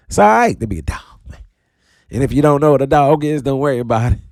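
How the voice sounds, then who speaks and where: Playful animated man DJ, mellow voice. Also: dry recording, clean studio sound. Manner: animated, playful, swoops into high drawn-out shouts. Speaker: radio DJ host. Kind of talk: casual radio talk show. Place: radio studio.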